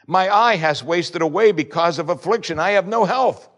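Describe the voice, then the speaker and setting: A man preaching a sermon, reading scripture and shifting between loud pleading questions and low, hushed lines. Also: normal speed, hardly any pauses.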